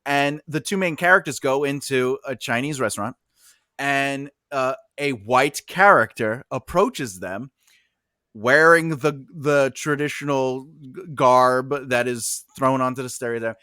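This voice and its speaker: A man's voice: medium pitch, unhurried, no room sound. Chatty podcast host man, dry sound. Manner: animated storyteller, many fillers and restarts, jokey. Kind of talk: casual podcast conversation.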